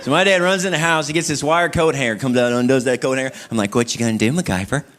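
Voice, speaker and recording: A man doing stand-up who rattles off his stories quickly in a slightly raised voice. The recording is thick with loud room noise. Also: medium pitch, steady tone. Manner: fast conversational storytelling. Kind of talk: stand-up comedy. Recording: very noisy live recording.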